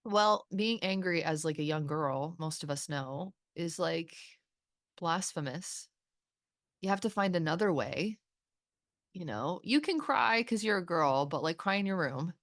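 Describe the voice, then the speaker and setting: A woman hosting a podcast, talking candidly and swearing freely, with halting restarts. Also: on the low side, expressive, a bit bright, no room sound, studio quality. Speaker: podcast host. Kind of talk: candid therapy-style conversation.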